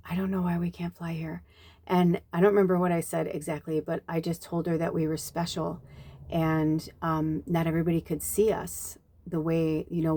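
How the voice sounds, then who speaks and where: This spiritual medium and card reader speaks in a low-pitched, mellow tone on a dry recording. Her casual chat wanders through a personal story, and she performs the voices of the people she quotes.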